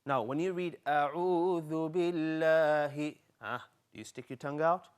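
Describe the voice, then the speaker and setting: Young male kids' TV teacher: lively, coaxing, slow exaggerated drills for children. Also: a little high, clear, resonant tone. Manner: lively, coaxing, speaks directly to kids. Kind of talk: live children's TV lesson.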